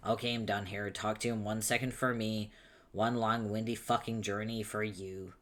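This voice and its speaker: A man voicing an angry, foul-mouthed young male troll, shouting insults impatiently, reading a webcomic aloud. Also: fairly low pitch, level tone, moderate pace, close to an everyday voice. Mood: ranting.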